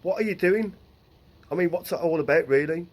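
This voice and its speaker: A man's voice: on the high side, brisk. An angry man ranting and swearing into his phone camera about what his wife saw. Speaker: husband venting on camera. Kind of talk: angry home video rant.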